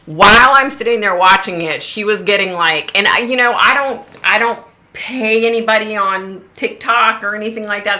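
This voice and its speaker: This middle-aged woman, host of a psychic livestream, chats her way through a story with lots of laughter and lively impressions of what others said. Her pitch is medium.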